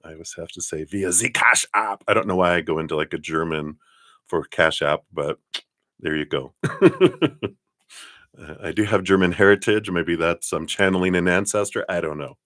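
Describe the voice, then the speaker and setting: A man giving tarot readings on a live stream, chatty and giggly, laughing often and talking warmly about spirit and love. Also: deep voice, normal speed, dry recording, clean studio sound. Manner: warm, affirming, spiritual talk. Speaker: tarot card reader.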